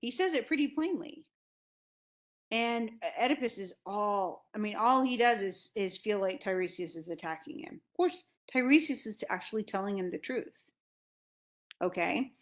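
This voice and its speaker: A woman's voice: medium pitch, expressive, normal speed. Casual woman teacher lecturing. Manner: conversational, paraphrasing with frequent restarts.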